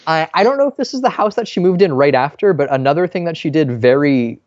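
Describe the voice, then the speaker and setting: A man's voice: expressive, fast talker, dry recording, muffled recording. A man co-hosting a podcast, telling a family story in casual chat and acting out the people in it. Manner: storytelling, acts out quoted people with raised pitch. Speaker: podcast co-host. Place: apartment in New York.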